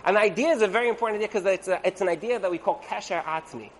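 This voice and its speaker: High-voiced man teaching a casual Torah class. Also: rapid-fire, slight background noise. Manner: conversational, asks rhetorical "right?", acts out quoted voices. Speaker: lecturer on Torah and marriage.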